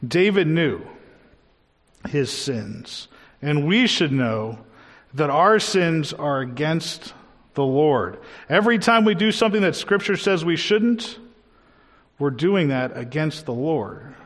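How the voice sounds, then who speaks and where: A man's voice: on the high side, expressive, fairly bright tone. Preacher man in a reverberant hall. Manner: earnest, slows down to stress key words. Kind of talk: sermon.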